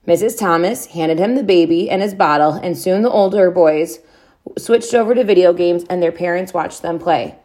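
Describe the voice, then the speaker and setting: A woman reading a children's chapter book aloud, with expressive, drawn-out storybook delivery. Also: medium pitch.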